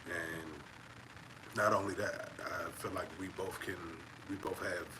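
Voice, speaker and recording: A man hosting a casual live stream on his channel, speaking in a relaxed, laid-back way. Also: low voice, unhurried, background noise. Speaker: channel host.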